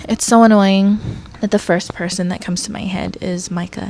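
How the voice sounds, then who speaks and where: A woman's voice: medium pitch, steady tone, moderate pace, vocal fry, a little mellow. A young woman from New Zealand with a shifting, mixed accent, talking candidly as a vlogger in a casual Q&A. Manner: chatty, candid, laughs often. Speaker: vlogger and makeup artist. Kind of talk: casual chit-chat Q&A. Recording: faint background noise.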